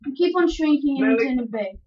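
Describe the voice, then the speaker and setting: Excitable high-voiced woman, lo-fi recording. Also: brisk. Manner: excitable, yelps and giggly outbursts. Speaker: gameplay commentator. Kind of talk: let's-play commentary.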